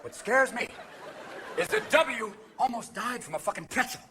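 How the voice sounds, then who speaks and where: A man's voice: very high-pitched, animated. Manic man doing stand-up before a laughing crowd. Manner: manic rapid-fire impressions and shouting. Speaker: stand-up comedian. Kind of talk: live stand-up set. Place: theater stage before a crowd. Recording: live audience laughter and noise.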